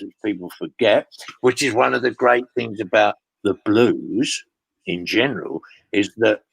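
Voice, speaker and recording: A man's voice: medium pitch, gravelly, fairly bright tone, husky, no room sound, rough recording. An older man telling long rambling road stories in a casual interview, swearing freely and padding with "you know what I mean". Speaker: guest storyteller.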